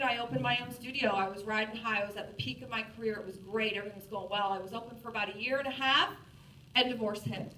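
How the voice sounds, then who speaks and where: A woman in her forties telling a self-mocking story to an audience in a lively, animated way. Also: on the high side, fast, slight background noise. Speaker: speaker. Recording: roomy, distant from the mic.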